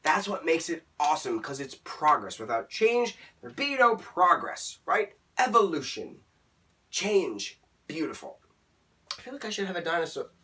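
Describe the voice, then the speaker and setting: A young man in his vlog, his voice leaping up and down as he rants with animated exasperation. He sits a little far from the microphone, so he sounds slightly distant. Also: fairly high pitch, moderate pace. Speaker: movie reviewer. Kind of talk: ranting vlog review.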